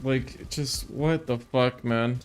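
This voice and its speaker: A man's voice: medium pitch, steady tone, slow, slight background noise. A man giving casual commentary while playing a game, exasperated and swearing to himself. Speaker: gamer streamer.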